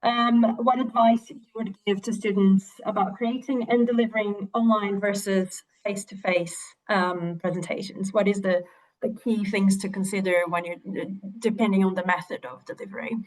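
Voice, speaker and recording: A woman's voice: mid-range voice, fairly even intonation, moderate pace, rough recording. A woman moderating a webinar, reading audience questions aloud to the guest. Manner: reads questions out with soft fillers.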